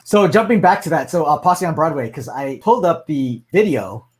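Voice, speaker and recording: A man's voice: fairly high pitch, very animated, normal speed. A man hosting a casual interview, giving brief encouraging replies and reading out career facts to his guest.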